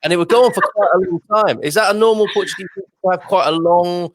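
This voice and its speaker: A man's voice: high voice, fast, dry recording, studio quality. A man hosting a casual chat show, chatty and laughing often, stumbling over foreign words. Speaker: host.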